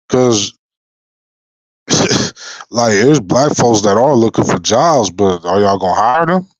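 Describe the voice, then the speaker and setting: A man's voice: on the low side, no room sound, rough recording. A young man giving an unscripted freestyle rant on his channel, profane and confrontational, often repeating and restarting his words. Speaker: YouTuber.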